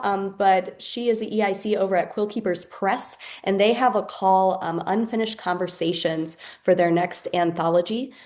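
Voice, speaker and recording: A woman of middle pitch hosts an online poetry event over a video call. She talks in a chatty, thankful way, with plenty of ums along the way. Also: creaky, darkish tone. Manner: chatty, thankful, with frequent fillers. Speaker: host and moderator. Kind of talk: casual online wrap-up.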